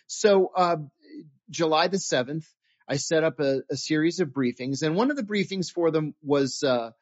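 A former intelligence officer telling stories in an interview, earnest and animated, often restarting his sentences. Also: a little high, moderate pace, no room sound. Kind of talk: interview storytelling. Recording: dull dry lo-fi audio.

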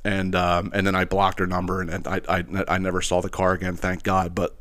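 A man's voice: monotone, a little fast, a bit bright. A man telling a rambling, profane story, with many restarts and fillers, acting out the other people's lines in squealed voices. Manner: acts out quoted voices, squealing high for the woman. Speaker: podcast host. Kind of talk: casual storytelling monologue.

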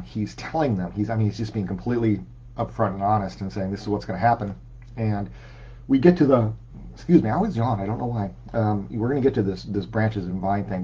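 A middle-aged man preaching an informal sermon, talking in a conversational, halting way with many fillers and restarts, and reading scripture aloud. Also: on the low side, warm tone, husky, muffled recording.

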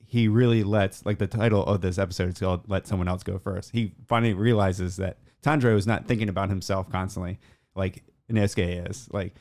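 A man's voice: deep voice, fairly even intonation, fairly quick, darkish tone. A man casually recapping an anime episode on a podcast, rambling with many fillers and acting out the characters' lines. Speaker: podcast co-host.

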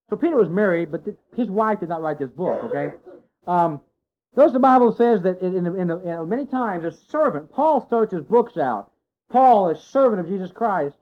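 A man preaching a sermon to his congregation, folksy and animated, full of rhetorical questions. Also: high-pitched, a little fast. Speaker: pastor. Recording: dull lo-fi sound.

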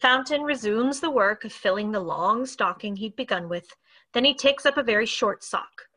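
Woman, narrator, stage directions, even reading, bright tone. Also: fairly high pitch, moderate pace. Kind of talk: scripted narration.

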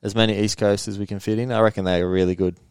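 A young man telling motocross race stories in a relaxed, rambling way, laughing now and then as a podcast guest. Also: lowish voice, rapid-fire, clean tone, no room sound. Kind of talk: casual interview storytelling.

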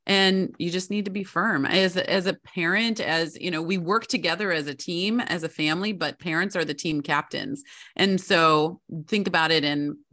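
Brief: woman, middle-aged, low register, assured instructive podcast guest. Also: normal speed, bright, forceful tone. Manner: confident, instructive, often adds "right?". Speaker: parenting guest expert. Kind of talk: podcast interview advice.

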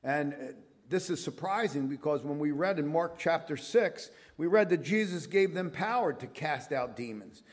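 A man's voice: a little high, lively intonation, moderate pace. A middle-aged male pastor preaching a sermon in an earnest, conversational way, with frequent fillers and restarts.

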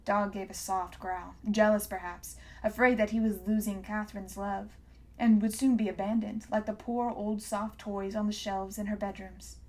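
Brief: woman audiobook narrator, calm and measured, medium pitch. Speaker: audiobook reader. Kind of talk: scripted narration.

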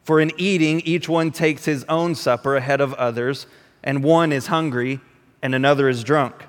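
A man preaching a sermon as pastor in a conversational, animated way, often repeating words as he restarts. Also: medium pitch, moderate pace, smooth, in a large hall.

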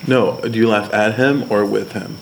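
A man's voice: lowish voice, fairly even intonation, normal speed, gravelly, slight background noise, rough recording. A man on a casual podcast, teasing the host with blunt, profane remarks. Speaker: podcast guest.

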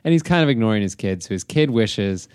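A man's voice: lowish voice, expressive, fast talker, a little mellow, clear, resonant tone, dry recording, studio quality. A man co-hosting a casual movie review podcast, recapping the plot in an easygoing way with fillers. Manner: easygoing, summarizing plots with fillers. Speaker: podcast co-host.

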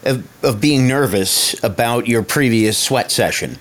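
A man's voice: mid-range voice, measured pace, fairly bright tone. A man hosting a casual chat, asking playful, probing questions.

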